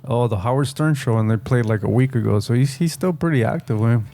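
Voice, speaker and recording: A man with a Mexican-American accent co-hosting a podcast in relaxed, slangy chat, mixing Spanish into his English. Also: mid-range voice, fast. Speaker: podcast co-host. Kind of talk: casual chat.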